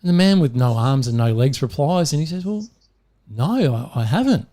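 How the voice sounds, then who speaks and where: Lively Australian man telling jokes. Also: mid-range voice, normal speed. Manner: animated storyteller who laughs mid-joke. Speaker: podcast co-host. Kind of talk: casual joke-telling chat.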